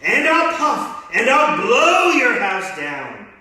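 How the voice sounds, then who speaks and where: A man's voice: huge pitch swings, slow pace, distant mic, full character voice. A man doing a shrieking big bad wolf. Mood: furious. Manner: loud, high, strained shouting. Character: big bad wolf, hungry, growling, menacing. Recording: very echoey room, off-mic.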